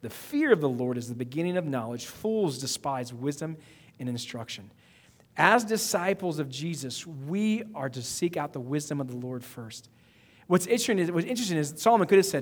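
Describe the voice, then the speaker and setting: A man's voice: a little high, lively intonation. Man preaching in an echoing hall. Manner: preaching with emphatic rising outbursts and quick repetitions. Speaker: pastor. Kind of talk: sermon. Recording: long reverb of a hall.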